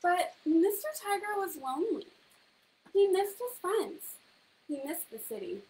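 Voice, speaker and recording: Young woman, story-time reader for kids; high, very lively pitch, animated teacherly delivery with questions. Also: unhurried, low-quality recording. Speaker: storyteller reading to children. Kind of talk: children's story time reading.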